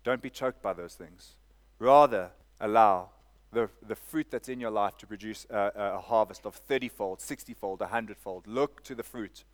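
A man's voice: fairly low pitch, normal speed. Preaching man. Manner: preaching with call-and-response "Amen?" and repetition. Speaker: pastor. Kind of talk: sermon.

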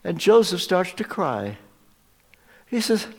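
A man preaching a sermon at a live church service, emphatic, swinging from loud stresses to hushed asides. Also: a little high, very animated, measured pace, long pauses. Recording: long reverb of a large church.

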